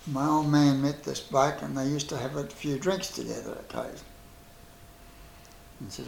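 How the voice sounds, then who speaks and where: Speaking slowly in a sing-song, medium-pitched voice with vocal fry, this elderly Kiwi veteran recounts war stories, playing both parties in every conversation. He leaves long pauses, and the echoey room carries a faint background noise.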